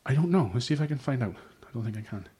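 A man's voice: medium pitch, lively intonation, racing, dark tone, slightly rough. A man hosting a casual podcast chat, reading notes aloud in a rambling, sweary way and tripping over long words. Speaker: podcast host.

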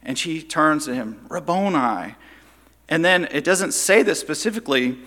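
A man's voice: on the high side, animated, moderate pace, sharp tone, long reverb tail. A man teaching a Bible study, telling the story and briefly acting out the quoted lines.

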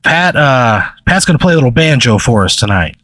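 A man's voice: mid-range voice, sing-song, fairly quick, bright, forceful tone, no echo. A man putting on the voice of a male rock star bandleader, a playful showman impression inside a story.

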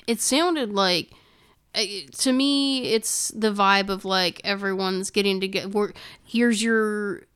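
A woman co-hosting a casual podcast chat, talking in an animated way and laughing often. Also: medium pitch, slow pace, smooth. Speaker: podcast co-host. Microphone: studio microphone.

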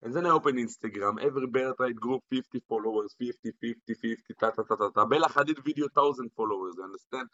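A man's voice: medium pitch, fast, hardly any pauses, a bit bright, dull audio. A young Israeli man, a native Hebrew speaker, chatting playfully and rambling as a guest over a video call. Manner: rambling, playful, repeats words. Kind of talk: casual interview chat.

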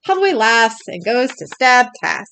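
A young woman with a fairly high, very animated voice, pushed and bright, reads scenes at normal speed while co-hosting a podcast recap. She often laughs and breaks off partway, with no echo in the audio.

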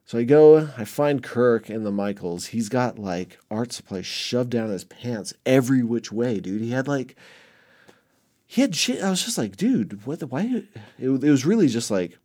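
A man casually telling a rambling, heavily profane story about his past, with many restarts, swinging between muttered asides and loud bursts. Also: medium pitch, lively intonation, moderate pace. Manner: rambling, heavy swearing, frequent restarts.

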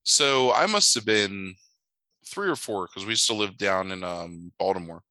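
A man telling stories in casual chat, animated, swearing now and then and acting out the voices of people in his anecdotes. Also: lowish voice, normal speed, dry recording, low-quality recording.

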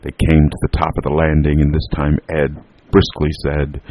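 A man telling a homely family story in an unhurried, drawn-out way. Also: extremely low pitch, monotone, warm tone, poor audio. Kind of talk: storytelling narration.

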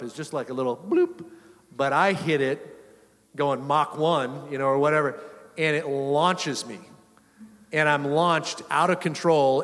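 A male pastor preaching a sermon in a relaxed, conversational way, telling a story with frequent chuckles. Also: medium pitch. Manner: conversational, animated, chuckling often. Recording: long reverb of a church hall.

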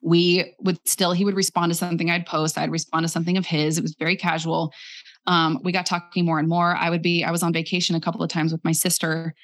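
A woman's voice: fairly low pitch, little pitch movement, quick pace. A young adult woman telling a personal story in a candid, reflective way, acting out quoted lines as she goes. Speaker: guest.

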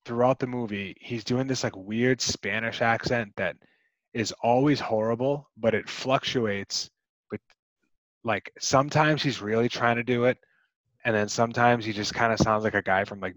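A man's voice: medium pitch, steady tone, measured pace, a bit bright, no room sound, poor audio. A man co-hosting a podcast, chatting casually about a movie, rambling with many restarts and fillers. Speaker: podcast co-host.

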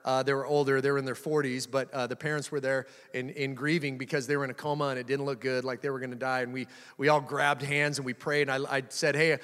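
A man's voice: on the high side, fairly bright tone. A man preaching a sermon, telling a personal story in a casual way and building to fervent proclamation. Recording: hall reverb.

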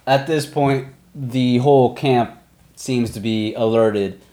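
Male game master, casual, narrating combat, average pitch. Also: slow pace, slight background noise. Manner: lively, slips into shouted character voices.

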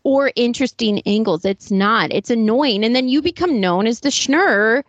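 A woman co-hosting a podcast who speaks in a skeptical, measured way and reads book passages aloud. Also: a little high, lively intonation. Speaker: podcast co-host. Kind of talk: casual chat and reading book passages aloud. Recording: slightly dull, dry sound.

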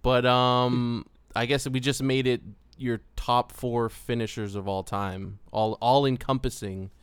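A man's voice: medium pitch, little pitch movement, clear, resonant tone, dry recording. A man co-hosting a podcast in casual chat, often hesitating and restarting. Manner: hesitant, halting with ums. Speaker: podcast co-host.

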